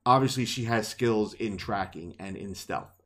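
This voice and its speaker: Speaking a little slowly, this man has a lowish, slightly bright voice. He co-hosts a relaxed podcast about books, loosely retelling a fantasy novel chapter with playful quoted voices and bursts of laughter.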